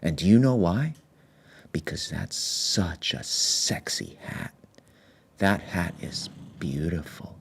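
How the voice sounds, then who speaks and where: A man voicing a fawning male shop clerk in a whispered role-play, cooing slowly and breathily about hats. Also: sits low, animated, gravelly, slight background noise, full character voice. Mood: flirty scolding.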